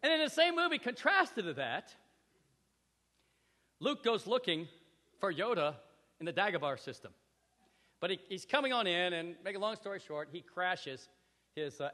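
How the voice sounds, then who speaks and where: A male pastor preaching a sermon with animated storytelling, acting out scenes, in a church hall. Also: sits high. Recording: echoey hall reverb.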